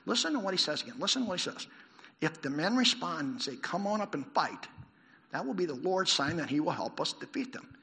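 A man preaching a sermon in a church, animated, asking the congregation questions. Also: a little high, fast talker, vocal fry. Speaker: pastor. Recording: long hall reverb.

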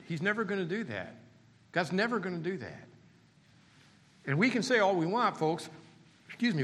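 A man pastor preaching a sermon in a church, swinging between animated emphasis and quiet, hushed appeals. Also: high-pitched, big-room sound. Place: church sanctuary.

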